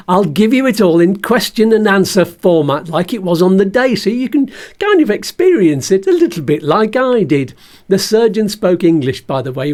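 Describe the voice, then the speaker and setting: A man's voice: high voice, darkish tone. A man talking in a casual personal vlog, chatty and jokey as he shares health news with his viewers. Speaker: vlogger and musician.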